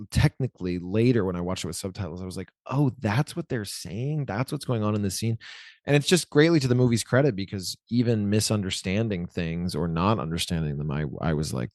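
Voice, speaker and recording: Interview guest, man, 40s: loose, meandering chat, low register, dry close mic. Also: darkish tone, no echo. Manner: rambling, self-correcting, many likes.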